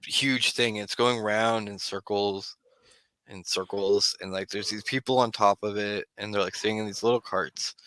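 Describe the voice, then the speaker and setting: Young male game master, casual rambling narration, bright and dry. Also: lowish voice, steady tone, moderate pace, no echo. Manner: casual, rambling with many fillers.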